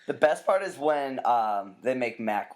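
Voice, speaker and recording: A man's voice: mid-range voice, expressive, unhurried. A man co-hosting a podcast in casual chat, easygoing and often answering with short agreeing replies. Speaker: podcast co-host.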